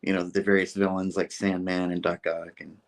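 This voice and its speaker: A man with a fairly low voice hosts a casual comic book review. He rambles through the recap with restarts and filler and chuckles as he goes. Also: flat delivery, fairly quick.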